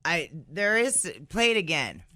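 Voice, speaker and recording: A male radio co-host whose voice is bright and slightly higher than average. He jumps in with short reactions and then lays the story out plainly. He is recorded close and dry in the studio. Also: very animated, a little slow, no echo. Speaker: radio morning show co-host. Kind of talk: casual radio banter.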